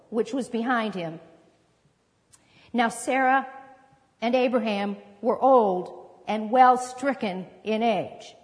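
A woman teaching a sermon, reading scripture aloud and breaking into conversational asides and rhetorical questions. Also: a little high. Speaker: Bible teacher. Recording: long reverb of a large hall.

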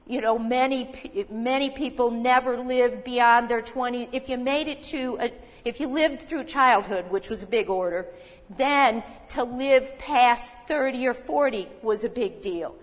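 A woman preaching a sermon, teaching in a conversational way and asking rhetorical questions. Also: a little high. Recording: long reverb of a hall.

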